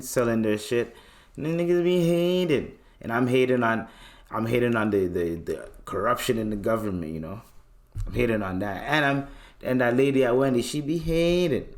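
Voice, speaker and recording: A young man from Canada hosting a casual solo podcast, talking in loose slang and acting out little scenes as he goes. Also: mid-range voice. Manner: loose, slangy and animated, acts out voices in bits. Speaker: podcast host.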